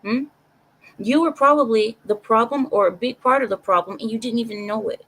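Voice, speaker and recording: On a casual live stream, a woman shares her opinions, speaking straight to her chat in an animated way and repeating phrases for emphasis. Her voice is on the high side and fairly quick, and the recording is rough.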